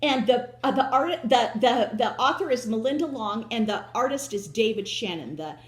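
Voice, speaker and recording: A woman's voice: on the high side, animated, normal speed, roomy sound. A woman hosting a casual home chat, rambling with many restarts and drifting back with "so anyway". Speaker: host.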